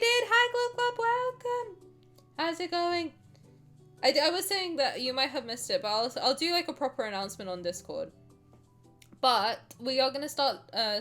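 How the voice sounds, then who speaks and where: Lively, chatty young streamer woman. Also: mid-range voice. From American South. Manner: chatty and animated, swears freely, laughs at herself. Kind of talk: casual stream chat, reading a game story aloud.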